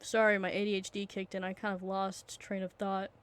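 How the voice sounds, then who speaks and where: A young woman telling a long story in a casual, rambling way, full of fillers and restarts, excitable and often losing her train of thought. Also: mid-range voice, brisk, clear, resonant tone.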